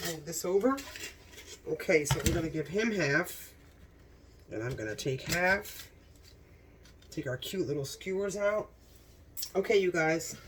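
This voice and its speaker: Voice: medium pitch, recorded from a distance, noisy background. Gushing home cook in a kitchen. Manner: gushing, enthusiastic about the food. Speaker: home cooking channel host. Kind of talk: casual cooking vlog.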